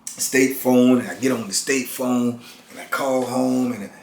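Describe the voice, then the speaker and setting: A man in his fifties telling a personal story in a halting, earnest way, often restarting and checking in with his listener. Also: mid-range voice, fairly even intonation, slight background noise. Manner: halting, earnest, many restarts and "you know what I'm saying". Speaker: formerly incarcerated channel host. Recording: roomy room with faint ambience.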